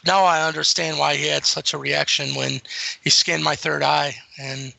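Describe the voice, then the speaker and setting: A middle-aged man guesting on an interview, telling rambling, animated stories about his encounters. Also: a little high, moderate pace, gravelly, no room sound, poor audio. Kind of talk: casual storytelling.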